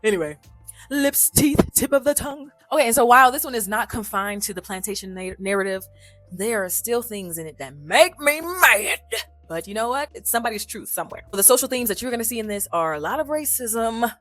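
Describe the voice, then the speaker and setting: Chatty, animated woman vlogging over soft music. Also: medium pitch, brisk, no echo. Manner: animated and chatty, laughs often, quotes people in put-on voices. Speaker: language-learning vlogger. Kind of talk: casual vlog talk.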